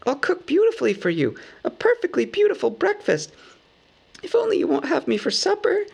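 A man voicing a small, terrified male hobbit who stammers and gasps in a high voice. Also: lively intonation, slow, gravelly, full character voice. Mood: frightened pleading. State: terrified, gasping.

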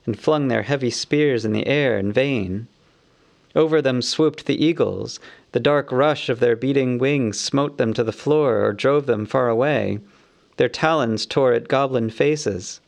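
Guy reading a fantasy audiobook, gravelly voice, calm expressive storytelling. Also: medium pitch. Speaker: narrator. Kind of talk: audiobook narration.

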